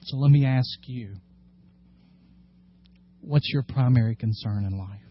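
A man preaching a sermon as pastor, animated when acting out scripture and dropping low and quiet for serious points. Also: unhurried, highs cut off. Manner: animated, acts out scripture quotes with rising emphasis.

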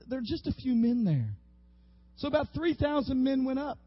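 A pastor with an unusually high, husky voice preaches a sermon, animating the story as he goes. The sound is close and dry, with a slightly dull, lo-fi quality. He speaks as a man leading a congregation through a passage. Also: normal speed, no room sound. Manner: animated, acts out biblical figures with rising voice.

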